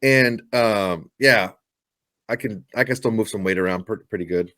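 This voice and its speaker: A man's voice: on the low side, normal speed, fairly bright tone, no echo, studio quality. A man co-hosting a podcast, chatting casually and telling joking stories. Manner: joking storyteller, puts on silly voices in anecdotes. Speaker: podcast co-host. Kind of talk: casual chat.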